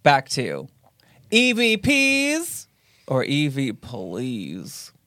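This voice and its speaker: A podcast host talking at an unhurried pace, the pitch rising and falling a lot as they playfully quiz their co-host. The sound is dry and close, with no room around it. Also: huge pitch swings, sharp tone, no room sound. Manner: playful, giggly, quizzing the co-host. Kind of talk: casual chat.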